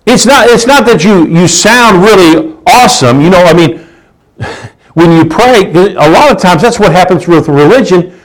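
A man's voice: high voice, expressive, moderate pace, low-quality recording. Conversational man preaching a sermon. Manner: conversational, repeats words while searching, asks rhetorical questions.

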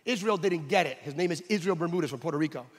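Emphatic high-voiced preacher in a hall. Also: male voice, very fast. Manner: emphatic preaching, acts out dialogue in anecdotes. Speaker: pastor. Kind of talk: sermon with personal storytelling.

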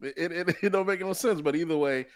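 Fast-talking man, brisk podcast chat. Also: a little high. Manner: fast, animated, swears freely. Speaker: podcast co-host. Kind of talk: casual chat.

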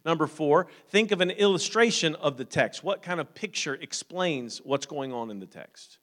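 A man preaching a sermon as pastor, growing loud and emphatic at times, then calm and practical with plain fillers and repeats. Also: on the high side, normal speed. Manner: frequent fillers and repeated words.

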